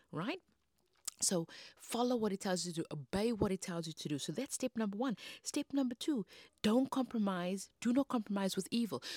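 A woman's voice: medium pitch, mellow, dry recording, studio quality. A woman hosting a devotional podcast, teaching in a feisty, emphatic preaching manner with rising bursts. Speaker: podcast host.

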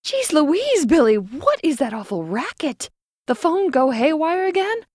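A woman's voice: medium pitch, fairly even intonation, normal speed, darkish tone, no room sound, studio quality, natural voice. A woman voicing a brash, slangy older woman who runs the switchboard girls like a den mother. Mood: alarmed. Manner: blunt, slangy, bossy.

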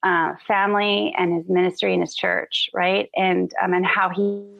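A woman calling in to a live-stream interview, telling heartfelt stories with animated energy. Her voice has a gravelly, fry-laden texture. The audio is dry and close, with a dull, lo-fi remote sound. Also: fairly low pitch, moderate pace, dry recording. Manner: animated, emotional storytelling. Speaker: guest, author and musician. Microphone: remote call.

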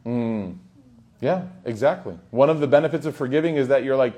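A man's voice: medium pitch, a little fast, dark tone. A man teaching a religious study circle in a casual, joking way. He tells anecdotes and acts out the dialogue. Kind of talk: informal religious lesson.

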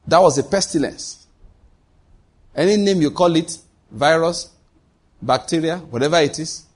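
A man's voice: on the high side, a little mellow, husky. A man preaching a sermon as pastor, asking the congregation rhetorical questions and answering them.

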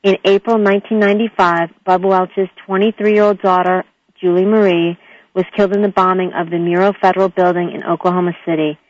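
A woman with a New York accent co-hosting a radio show, introducing the guest in a measured way. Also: lowish voice, little pitch movement, dry recording. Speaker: co-host. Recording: dry, slightly muffled radio audio.

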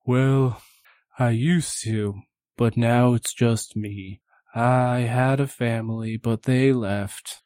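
A man voicing a depressed, clumsy male panda bear hermit who talks slowly and gloomily. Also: mid-range voice, steady tone, dark tone, dry recording, studio quality, lightly acted. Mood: gloomy. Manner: slow, gloomy, apologetic.

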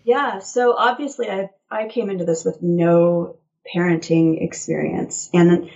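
A woman guest on an interview show, telling personal stories in an animated way and laughing often. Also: fairly low pitch, measured pace, vocal fry, highs cut off. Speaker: guest author. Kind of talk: casual interview chat.

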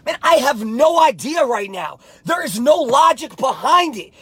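A man, a life coach, giving a fervent motivational pep talk to camera, often shouting, repeating slogans and calling the listener baby. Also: very high voice, very animated, measured pace, slightly rough, no room sound.

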